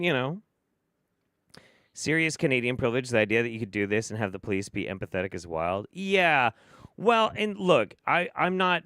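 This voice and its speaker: An American man hosts a stream and reacts to clips with sarcastic, profane, mocking commentary. His voice is lowish and slightly bright, recorded at studio quality with no echo.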